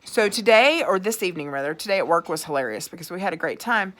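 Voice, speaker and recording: A woman's voice: fairly low pitch, lively intonation, fast talker, fairly bright tone. A woman, ranting angrily in a vlog, swearing and sarcastic as she reads out her own texts. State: angry. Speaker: vlogger. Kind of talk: angry rant reading out texts.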